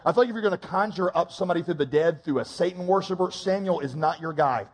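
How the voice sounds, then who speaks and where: A man preaching a sermon, reading scripture and adding quick comic asides. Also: sits high, breathy edge, in a large hall. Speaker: pastor.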